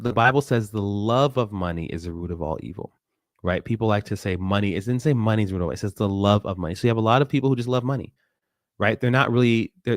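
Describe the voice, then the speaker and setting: Animated man in a dry close recording. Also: lowish voice, no room sound. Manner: animated, quotes others in raised voice. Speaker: forum host. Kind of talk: live commentary talk.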